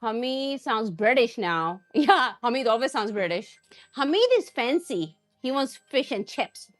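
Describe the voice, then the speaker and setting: A woman's voice: a little high, expressive, measured pace, faint music behind. A woman hosting a cooking live stream, chatting casually and answering viewer comments with frequent laughs. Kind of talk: casual chat while cooking.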